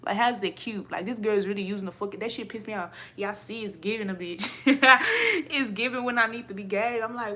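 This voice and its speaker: A woman ranting to her viewers in a casual vlog, blunt and profane, animated and quick to laugh. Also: medium pitch, slight background noise. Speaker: vlogger.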